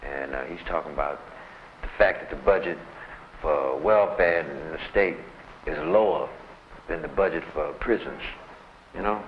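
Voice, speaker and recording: Low-voiced man telling a prison story. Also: normal speed, pauses often, slight background noise. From United States. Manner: loose and rambling, full of "man" and "you know". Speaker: interviewee recounting time in solitary. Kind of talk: casual storytelling in street slang. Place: prison visiting room. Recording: muffled lo-fi archival tape.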